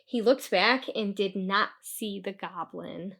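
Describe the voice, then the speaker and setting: A woman reading a children's picture book aloud, telling the story clearly and expressively. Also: medium pitch, takes it slowly, few pauses, a bit bright. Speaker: storybook reader.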